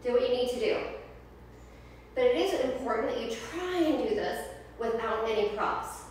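A woman's voice: on the high side, animated, moderate pace, a little mellow. A woman leading a yoga workout from her living room, upbeat and chatty as she counts and cues poses, a little out of breath. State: slightly out of breath. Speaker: yoga instructor. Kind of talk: guided home workout livestream. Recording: very echoey room, distant mic, faint hiss.

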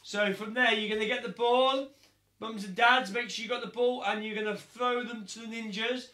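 A man's voice: high voice, fairly even intonation, moderate pace. Upbeat man calling out counts. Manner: upbeat, encouraging, calls out counts loudly. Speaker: children's taekwondo instructor. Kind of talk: live online kids' fitness class. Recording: echoey room.

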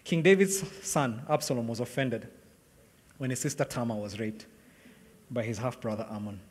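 A man's voice: mid-range voice, normal speed. A middle-aged man, a pastor, preaching a sermon and telling a story from his own life, acting out the dialogue and laughing often. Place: large hall with long reverb. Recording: long hall reverb from a church sanctuary.

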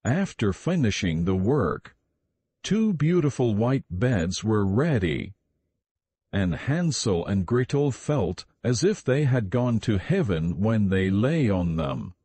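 A man reading a fairy tale aloud in calm storybook narration, slow and even. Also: fairly low pitch, slightly rough, no echo.

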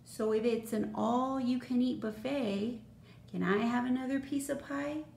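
A woman's voice: fairly high pitch, fairly even intonation, unhurried, creaky, darkish tone. A woman voicing a young boy in a storybook, a sulky twin brother who mumbles. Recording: roomy echo, faint noise.

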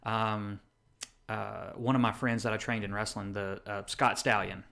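A man from South Carolina co-hosting a casual podcast, chatty and full of fillers, getting animated when he tells stories. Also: on the low side, a little slow, gravelly. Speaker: podcast co-host. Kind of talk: casual chat.

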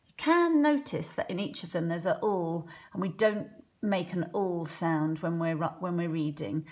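A woman teaching a children's phonics lesson from home, slowly sounding out letters one by one with patient encouragement. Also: fairly low pitch. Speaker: primary school teacher.

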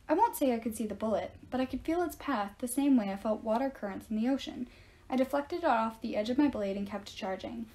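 Woman narrator with a slightly high voice, reading aloud at an even storytelling pace. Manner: steady first-person storytelling. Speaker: audiobook reader.

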